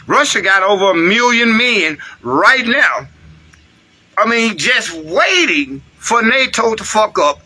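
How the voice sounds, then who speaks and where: A man's voice: high-pitched, pushed and bright. An American man ranting heatedly in a livestream commentary, swearing and talking straight to his viewers. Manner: heated, profane, addresses viewers directly. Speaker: political commentator.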